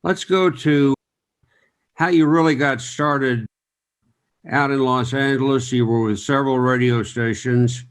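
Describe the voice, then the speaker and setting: A man hosting a relaxed interview, steering the talk with warm, encouraging questions. His voice sits at an ordinary mid pitch with a conversational pace. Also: a little slow, clean tone. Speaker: interview host.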